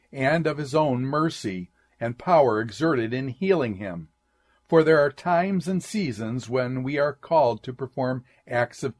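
A man reads an old sermon aloud at a very unhurried pace. His voice sits in a middle pitch, and he speaks each "quote" and "end quote" in a measured, deliberate way. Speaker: sermon reader.

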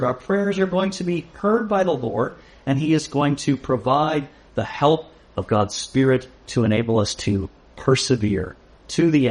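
A man preaching an expository sermon, teaching in a measured, deliberate way with emphatic pauses. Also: on the high side. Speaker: pastor.

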